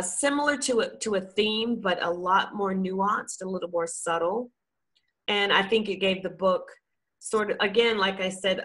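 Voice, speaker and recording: A woman talks through her view of a book in a conversational review. Her tone is bright and clear, and she often restarts a phrase as she searches for the right word. Her pitch sits in an ordinary middle range. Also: low-quality recording.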